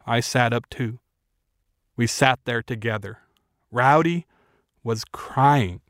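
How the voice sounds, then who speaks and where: A man narrating a novel in a measured, quiet storytelling manner. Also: mid-range voice, dry recording, studio quality. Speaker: audiobook narrator. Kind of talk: scripted narration.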